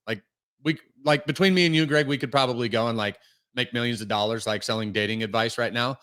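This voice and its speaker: A man's voice: mid-range voice, fast, a bit bright. A man talking casually as a podcast guest, telling stories full of "like" fillers. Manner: storytelling, many fillers like "like".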